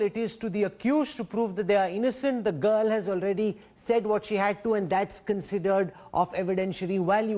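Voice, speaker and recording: High-voiced Indian anchor, probing. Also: male voice, darkish tone. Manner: probing, measured questioning. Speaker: news anchor. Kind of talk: moderating a TV news debate.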